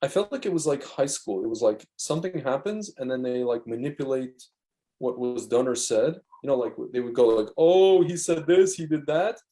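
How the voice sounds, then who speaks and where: A man's voice: mid-range voice, fairly quick, warm tone. A man co-hosting a podcast, rambling through stories in casual chat and acting out the quotes. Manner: rambling storyteller, acts out quotes. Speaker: podcast co-host.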